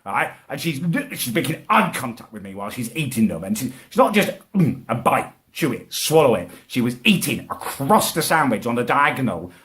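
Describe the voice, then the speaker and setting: A man's voice: medium pitch, big pitch swings, moderate pace, few pauses, fairly bright tone. A young man ranting furiously in a comedic vlog, swearing and full of petty indignation. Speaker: comedic vlogger.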